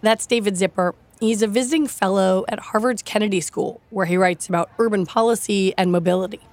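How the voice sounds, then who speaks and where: A woman hosting a technology podcast, narrating in a measured, scripted way. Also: medium pitch, steady tone, a little mellow. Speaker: host.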